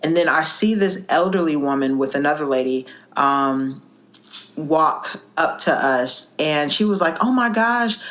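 A woman co-hosting a faith podcast, telling stories in a lively way and acting out the people in them. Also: low-pitched, unhurried. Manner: animated storyteller, acts out quoted voices. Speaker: co-host. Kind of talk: faith podcast chat and storytelling.

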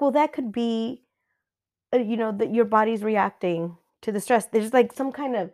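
A woman in her thirties, a mother, giving a casual chatty life update and telling stories with quick quoted asides. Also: mid-range voice, a little mellow. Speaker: vlogger.

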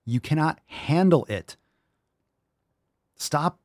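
A man hosts a fitness podcast and lectures his listeners in a blunt, profane rant. His pitch swings widely as he hammers his points home, and the sound is close and dry. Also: expressive, slow pace, a little mellow, no room sound. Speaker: podcast host.

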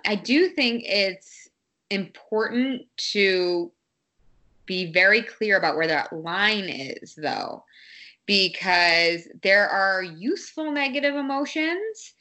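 A woman's voice: medium pitch, sharp tone. A woman in her thirties, a mother talking candidly about parenting in a casual conversation, with many fillers and restarts. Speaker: guest, parent.

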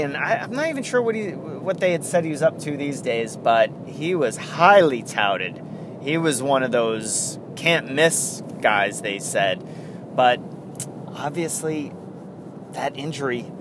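Slow, rambling male podcast host. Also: medium pitch, noisy background. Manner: rambling, self-correcting, chuckles often. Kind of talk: casual solo sports podcast.

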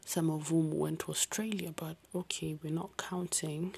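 Young woman with an accent, low breathy voice, slow and half-whispered, late-night confessional vlog. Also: steady tone. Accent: unnamed non-native-sounding accent. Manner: soft, often half-whispered, rambling with sighs and restarts. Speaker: vlogger. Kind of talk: late-night personal ramble.

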